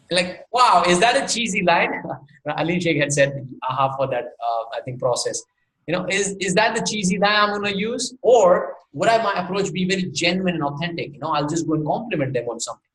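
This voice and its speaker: A man's voice: high-pitched, fairly quick, fairly bright tone. A man from India teaching an online sales workshop, asking many rhetorical questions and laughing often. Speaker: sales trainer. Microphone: online call mic. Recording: echoey room with faint noise.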